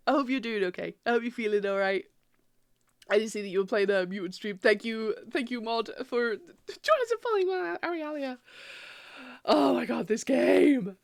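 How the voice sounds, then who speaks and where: A woman's voice: high-pitched, no echo, clean studio sound. A young adult woman streaming a game from a room at home, chatting with viewers in a bubbly, gushing, giggly way. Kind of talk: casual livestream chat and reading a game aloud.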